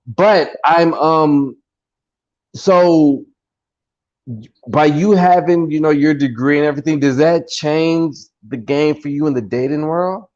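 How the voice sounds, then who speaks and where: A man's voice: a little high, slow, a little mellow. A man hosting a casual podcast chat, joking around and often stammering and repeating words. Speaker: podcast host. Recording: dull lo-fi sound.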